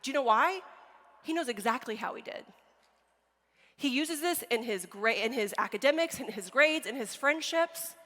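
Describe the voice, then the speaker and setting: A woman in her forties giving a motivational keynote on stage, energetic and full of stories and questions to the audience. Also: high voice, moderate pace. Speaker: keynote speaker. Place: large hall on stage. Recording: long hall reverb.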